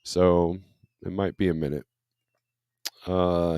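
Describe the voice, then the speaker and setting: Low-voiced man chatting on a livestream. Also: takes it slowly, pauses often, no room sound, studio quality. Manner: rambling and conversational, with frequent fillers and restarts; blunt and opinionated when griping. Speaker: truck driver and livestream host. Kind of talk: casual morning livestream, reading viewer comments aloud.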